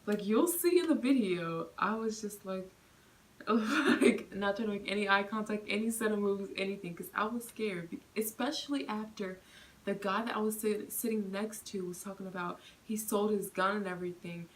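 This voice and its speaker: A young woman vlogger chatting through a storytime, full of fillers and animated retelling. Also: mid-range voice, moderate pace, rough recording. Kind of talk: storytime vlog.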